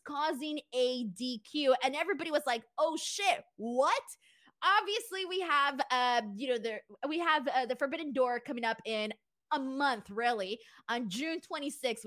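A woman's voice: high-pitched, pushed and bright, no echo, studio quality. A young woman hosting a wrestling talk show, chatting casually with lots of fillers and reading a sponsor spot in an upbeat way. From Southern California.

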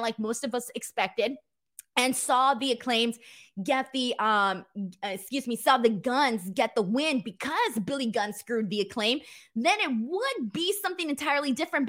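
A woman hosting a casual wrestling live stream, reading viewer messages with lots of laughter, joking and offhand swearing. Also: high voice. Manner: laughs often, swears casually, animated and playful. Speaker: wrestling show host.

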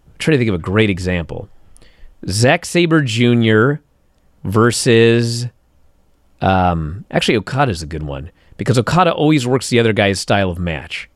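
A man co-hosting a podcast, telling a story in an excitable, animated way and acting out the moves on a close mic. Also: fairly low pitch, moderate pace, no echo. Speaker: podcast co-host. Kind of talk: excited wrestling podcast chat. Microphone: close studio mic.

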